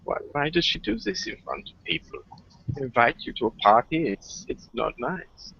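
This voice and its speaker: A man's voice: mid-range voice, very animated, moderate pace, creaky, bright, forceful tone, slightly rough, voice pushed up, full character voice. A man putting on an exaggerated comic German accent, playing a prudish, fussy man over lo-fi call audio. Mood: scandalized.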